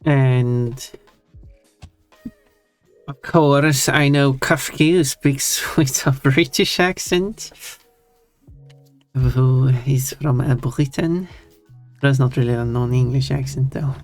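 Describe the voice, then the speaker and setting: Live streamer, Swedish accent, mid pitch, slow and meandering, faint music underneath. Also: a little mellow, dry recording. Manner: rambling, thinking aloud, answering chat. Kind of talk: casual live-stream chat. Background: faint background music.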